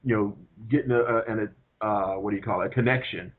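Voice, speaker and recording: A man's voice: on the low side, fast. A man, himself a longtime veteran, coaching a job seeker over the phone in a reassuring, easygoing way. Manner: reassuring, easygoing, hesitant fillers. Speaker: career coach. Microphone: telephone. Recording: tinny phone line.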